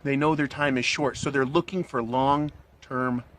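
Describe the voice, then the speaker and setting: A man's voice: medium pitch, fairly even intonation, measured pace, a bit bright. A middle-aged man giving a crude, blunt, rambling monologue, smoking a cigar and asking "right?" again and again. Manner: smoking a cigar while talking. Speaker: commentary channel host. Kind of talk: casual monologue, talking to the camera.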